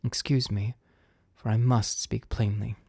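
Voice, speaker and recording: A man's voice: fairly low pitch, flat delivery, unhurried, creaky, dark tone, no echo, studio quality. A man reading a sensible young woman pleading earnestly in a storybook.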